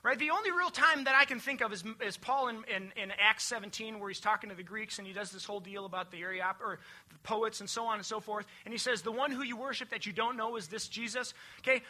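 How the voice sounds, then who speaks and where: Very bright-voiced pastor preaching emphatically. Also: fairly quick. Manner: emphatic, swings between loud declarations and hushed, low passages; builds repetitive lists and refrains. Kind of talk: sermon.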